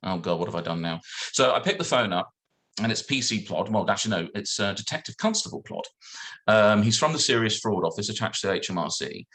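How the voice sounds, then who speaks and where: A man, a solicitor, telling a lively anecdote on a video call and acting out the other people in it. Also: fairly low pitch, brisk. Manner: animated storyteller acting out dialogue. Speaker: guest solicitor.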